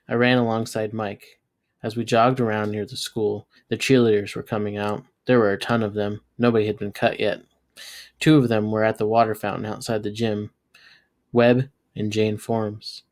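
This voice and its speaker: A man, a teacher, reading a novel aloud and bringing the dialogue to life with sudden jumps in pitch and loudness. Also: normal speed. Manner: lively, voices characters with jumps in pitch and loudness. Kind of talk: read-aloud storytelling.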